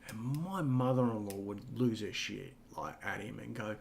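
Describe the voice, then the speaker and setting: A man's voice: fairly low pitch, normal speed, gravelly, slight background noise. A middle-aged man co-hosting a casual chat, rambling with lots of fillers and frequent swearing. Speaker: podcast co-host.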